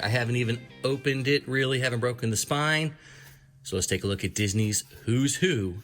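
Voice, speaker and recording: On his own channel, a man casually reviews a book while flipping through it, reading entries aloud and adding small asides and little laughs in a chatty way. His voice is mid-range and a bit bright. The camera frames his hands and the book.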